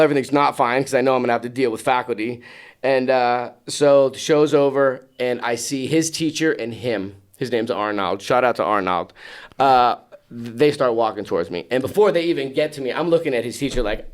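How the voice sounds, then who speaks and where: Man telling a story with loud acted-out voices. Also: medium pitch, fairly quick. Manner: acts out quotes in loud raised voices. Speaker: BMX show announcer. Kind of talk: animated storytelling. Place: podcast studio.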